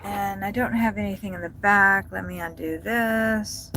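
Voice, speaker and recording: A woman's voice: medium pitch, steady tone, a little slow, few pauses, bright, forceful tone. A woman chatting casually and rambling on a livestream from inside her car, swearing now and then. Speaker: livestreaming delivery driver. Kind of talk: casual livestream chat while driving. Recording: noisy car interior.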